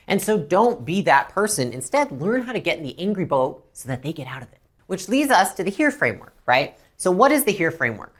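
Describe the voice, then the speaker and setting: In an instructional talk to camera, a female business coach explains how to deal with customers, bluntly and emphatically. Her voice is fairly low, sing-song, and brisk, and she acts out short exchanges between customers and staff.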